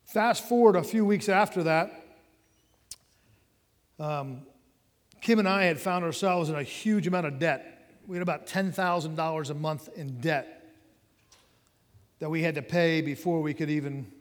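A middle-aged preacher shares his personal testimony in a conversational sermon, speaking straight to his listeners. His voice sits a little high, moving at normal speed with long pauses, and the recording carries a long hall reverb.

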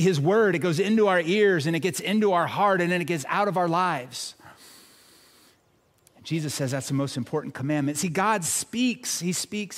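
Pastor, male; preaches with repetition, big swings to a hush; slightly high voice, long hall echo. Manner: dramatic swings from loud emphasis to hushed low delivery; repeats phrases for emphasis, addresses congregation directly. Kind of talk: sermon. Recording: echoey hall reverb.

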